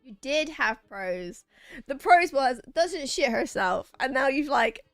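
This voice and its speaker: A woman's voice: high-pitched, lively intonation, slow, no echo. A woman streaming a video game who chats playfully with her viewers, reading their messages aloud and bantering back. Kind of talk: casual chat with a live chat while gaming. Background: faint game music.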